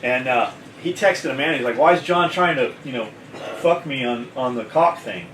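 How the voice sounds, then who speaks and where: A man's voice: medium pitch, normal speed, a bit bright, slight background noise. A man who owns a gear company, telling a story in casual chat, blunt and full of swearing. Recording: echoey room, mic at a distance, faint kitchen clatter.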